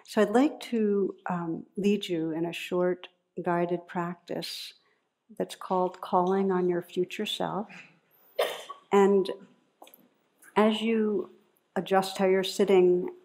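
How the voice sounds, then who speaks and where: A woman meditation teacher giving a dharma talk in a gentle, unhurried, reflective way, leading into a guided practice. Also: lowish voice, steady tone.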